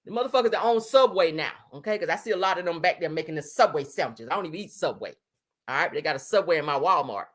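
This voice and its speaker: A woman's voice: sits low, lively intonation, a little fast, long pauses, a bit bright, breathy edge. A woman from the US giving blunt, profane, sassy live-stream commentary, full of emphatic repeats.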